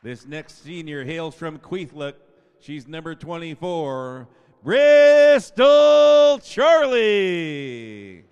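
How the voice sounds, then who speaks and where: A man's voice: on the high side, steady tone, slow pace, clean tone, highs cut off, some chatter behind. A man in his fifties working as the announcer at a school senior night, drawing out the players' names and adding chatty asides between them. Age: 50s. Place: school gym. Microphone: PA microphone. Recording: echoey gymnasium PA sound.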